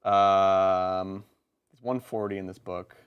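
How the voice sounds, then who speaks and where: A man co-hosting a live stream, chatting casually and quickly about tabletop game rules, with laughs and quick asides. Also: low-pitched, little pitch movement, clear, resonant tone, highs cut off. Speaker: co-host of a tabletop gaming stream.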